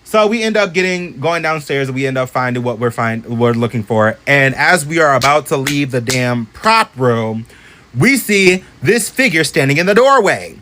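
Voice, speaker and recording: A man telling a spooky story to camera in an animated, chatty, profane way. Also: normal speed, slight background noise. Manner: animated, profane, chatty, swings into high voices for others.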